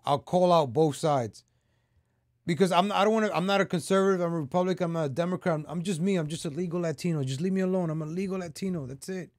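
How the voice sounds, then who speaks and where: A man's voice: fairly high pitch, quick pace, no echo, studio quality. A man hosting his own political commentary vlog, talking straight to his viewers in a heated, repetitive rant. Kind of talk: ranting opinion vlog.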